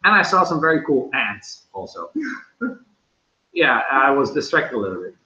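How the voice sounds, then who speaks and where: A man's voice: very animated, normal speed, pushed and bright. A young man with a Dutch accent, chatting casually and laughing as he hosts a livestream and reads the chat aloud. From Netherlands. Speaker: vlogger hosting a livestream. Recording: echoey room, dull low-fi sound.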